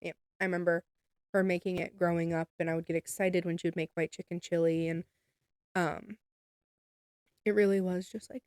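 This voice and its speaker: A woman co-hosting a podcast, chatting casually in a soft, agreeable way. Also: on the low side, flat delivery, moderate pace, long pauses, clean tone, dry recording, clean studio sound. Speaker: podcast co-host. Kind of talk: casual chat.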